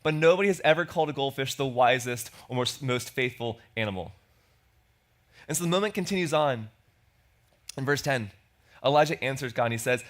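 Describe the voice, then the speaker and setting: A man's voice: medium pitch, a little fast, pauses often, a bit bright. A man preaching a sermon as pastor, in a conversational way, acting out quoted lines. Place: church.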